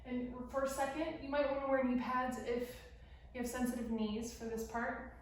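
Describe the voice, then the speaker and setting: A woman's voice: high voice, a little mellow, a little hiss or hum. A young woman teaching a beginner dance routine, talking while she demonstrates the moves and sometimes out of breath. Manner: talks while demonstrating moves, counting and singing lyric snippets. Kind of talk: casual dance tutorial instruction. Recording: very echoey room, speaker far from mic.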